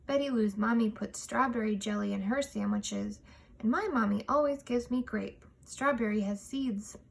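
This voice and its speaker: A woman's voice: moderate pace, creaky, slightly rough. Grover, a small anxious monster, voiced by a woman. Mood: whispering. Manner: high-pitched, whiny and excitable. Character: small anxious furry male monster child.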